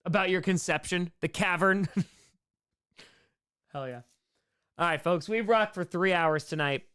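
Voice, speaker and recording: A man's voice: sits high, unhurried, pushed and bright, smooth. A man hosting a casual live-stream Q&A, upbeat and rambling, thanking viewers by name, his voice a bit worn from hours of talking. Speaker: live-stream host answering chat questions.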